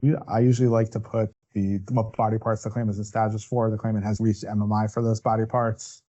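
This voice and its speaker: A man's voice: on the low side, level tone, fast talker, mellow, dull audio. A man presenting a legal webinar as a defense attorney. He walks through the steps one by one and checks in with asides like "right?". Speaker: workers' compensation defense attorney.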